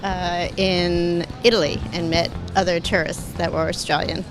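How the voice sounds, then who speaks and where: A woman answering a street interview in a friendly, measured way. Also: on the low side, level tone, over music.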